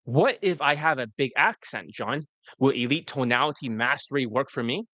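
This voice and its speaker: A man's voice: mid-range voice, moderate pace, pushed and bright, no room sound, lo-fi sound. A man coaching on a casual live stream, reading answers aloud, cursing at slips and retaking lines, with "right?" tossed in often. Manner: cusses freely, asks "right?" as he talks. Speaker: dating coach.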